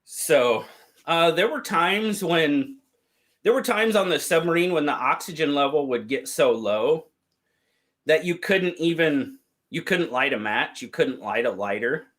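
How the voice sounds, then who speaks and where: A man hosting a livestream, telling stories in a casual, drawn-out way and reading out chat. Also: on the high side, lively intonation, fairly bright tone. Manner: drawn-out, easygoing storytelling with quoted voices. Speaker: livestream host. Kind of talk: casual storytelling to live chat.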